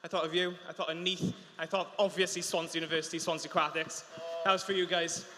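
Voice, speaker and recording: Emotional young Welsh man, bright voice. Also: on the high side, little pitch movement, a little hiss or hum. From South Wales. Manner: halting, with many restarts and fillers. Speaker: interviewed swimmer. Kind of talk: emotional poolside interview. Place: large indoor swimming arena. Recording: long arena reverb.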